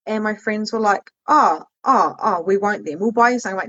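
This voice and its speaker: Woman guest, husky voice, candid storytelling with colourful quoted asides, muffled lo-fi sound. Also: medium pitch, fast talker, few pauses. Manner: emotional storytelling, swearing, lively quoted asides. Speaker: guest, business coach. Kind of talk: candid podcast conversation.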